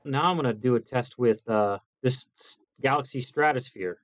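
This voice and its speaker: At his desk, a man testing microphones talks casually through each step of his home video, cracking jokes along the way. He speaks at a normal speed with medium pitch into a lavalier mic, and the audio sounds dull with no room sound.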